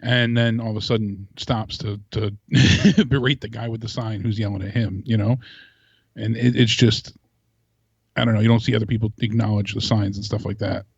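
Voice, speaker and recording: A man co-hosting a podcast, chatting casually in a halting way and correcting himself. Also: on the low side, fairly even intonation, vocal fry, breathy edge, no room sound, lo-fi sound. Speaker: podcast co-host. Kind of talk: casual chat.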